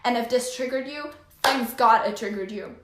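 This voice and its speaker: A woman life coach hosts a motivational live stream, gushing and effusive and quick to tears. Her voice sits fairly high with a fairly bright tone, and the room adds a noticeable echo.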